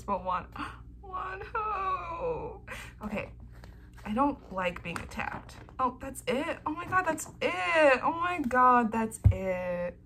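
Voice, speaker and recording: A young woman vlogging an excited unboxing from home, gasping and squealing over fan merchandise. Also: fairly high pitch, a little hiss or hum.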